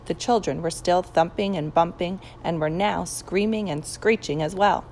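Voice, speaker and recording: A woman narrating a children's audiobook chapter in an expressive storytelling manner. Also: fairly low pitch, moderate pace, slight background noise, low-quality recording.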